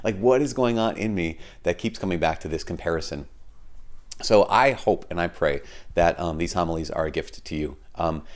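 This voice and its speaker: A man, a priest giving a conversational homily and podcast message. He tells stories in a lively, informal way, with fillers and self-deprecating asides. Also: sits low, normal speed. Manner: animated storyteller, acts out quoted people in a raised voice.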